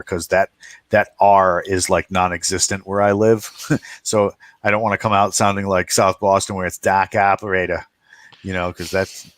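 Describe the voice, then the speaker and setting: A man's voice: deep voice, a bit bright, no echo. A man chatting casually on a podcast, rambling with many fillers and restarts. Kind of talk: casual chat.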